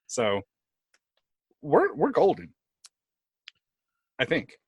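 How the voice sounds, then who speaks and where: A man playing a tabletop game, joking around in animated, profane banter. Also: fairly high pitch, extremely slow, slightly rough, dry recording, lo-fi sound. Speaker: player.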